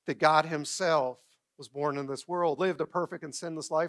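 A middle-aged man preaching a sermon from a church stage, telling stories in a lively way, acting out quotes and asking his congregation questions. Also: a little high, normal speed. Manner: storytelling, animated, acts out quotes and asks the congregation questions. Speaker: pastor.

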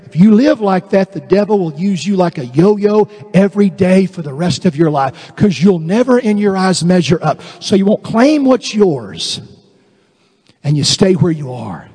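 A man with a Southern US accent preaching a sermon as a pastor, acting out voices and dropping into slow, emphatic lines. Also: sits high, expressive, warm tone, husky. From American South. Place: church sanctuary. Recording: long reverb in a large church hall.

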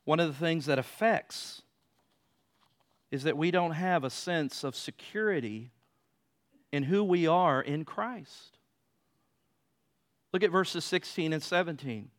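A man preaching a sermon, moving between loud emphatic passages and quiet, low stretches. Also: slow, pauses often. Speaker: pastor.

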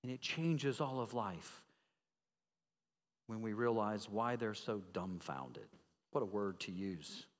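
A male pastor preaching a sermon, emphatic, swinging from loud declarations to hushed tones and putting questions to the congregation. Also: on the low side. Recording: long reverb of a large hall.

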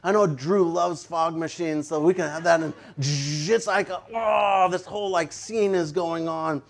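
Pastor, male, higher voice, lively humorous sermon delivery with playful shouts. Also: normal speed. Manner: animated, jokey, bursts into playful shouts.

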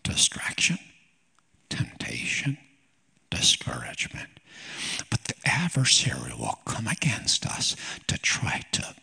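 A man preaching a sermon with emphatic delivery and playful asides, in a husky voice. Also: on the low side, huge pitch swings, slow pace, pauses often, bright, forceful tone, whispered.

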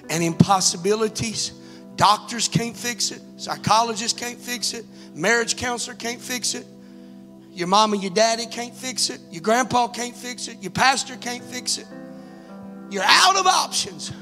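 Man doing a calm knowing teacher, quiet, deliberate, soft-spoken. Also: very high-pitched, faint music behind, voice pushed up, full character voice.

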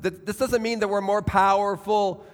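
A male pastor preaching with a high, earnest voice. He puts direct questions to his listeners, and his words ring out through a church sanctuary with a long, lingering reverb. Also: level tone, normal speed. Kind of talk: sermon.

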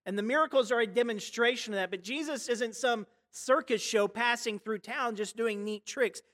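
A pastor preaching a sermon in a conversational, storytelling way, full of rhetorical questions and sudden drops and rises in loudness. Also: mid-range voice, normal speed. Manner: big swings between hushed and loud.

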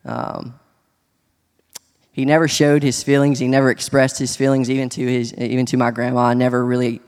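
A man sharing a personal testimony in church, speaking earnestly and haltingly, with many restarts. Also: mid-range voice, completely flat delivery, a little mellow, clear, resonant tone. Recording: long hall reverb.

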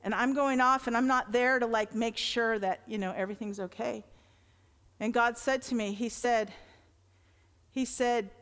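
A woman's voice: a little high, steady tone, moderate pace, fairly bright tone. A middle-aged woman pastor giving a sermon in an earnest, conversational way, swelling into emphatic lines. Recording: long reverb of a large hall.

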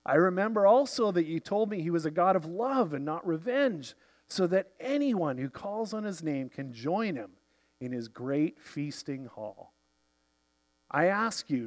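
A man's voice: fairly high pitch, very animated, unhurried. A man doing an earnest Viking with a lilt. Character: earnest, simple-hearted Viking man, devout.

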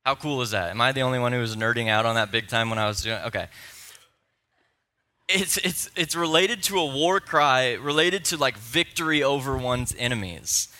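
Bright-voiced guy preaching a sermon in church, playful and nerdy. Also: mid-range voice, normal speed. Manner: playful, excitable, self-deprecating, nerdy enthusiasm. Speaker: pastor. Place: church sanctuary.

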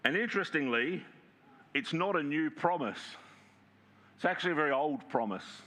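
A man preaching a sermon in a conversational way, often checking in with the congregation and reading scripture aloud slowly with emphasis. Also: fairly high pitch, animated, sharp tone. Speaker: pastor.

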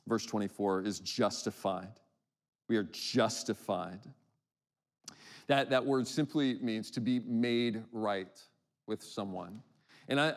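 Conversational preaching man. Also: mid-range voice. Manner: conversational, many restarts, dramatic slow readings of verses; rhetorical questions to the congregation. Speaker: pastor. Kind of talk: sermon.

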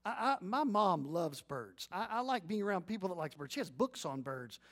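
A middle-aged pastor with a notably high male voice preaches an animated sermon, acting out little scenes in bursts of storytelling. Then he slows down and leads the congregation in reading aloud together responsively.

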